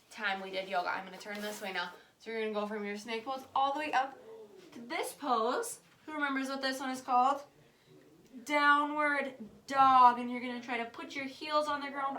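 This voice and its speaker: A woman's voice: on the high side, sharp tone, a little hiss or hum. A young woman guiding children through a yoga lesson, playful and encouraging, talking simply to kids. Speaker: kids' yoga teacher. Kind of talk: guided kids' yoga lesson.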